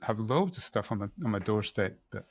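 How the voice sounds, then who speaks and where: Very animated and a little fast, the lowish-voiced Scottish photographer, middle-aged, chats casually as an interview guest. He laughs while correcting himself often, captured in studio quality with no room sound.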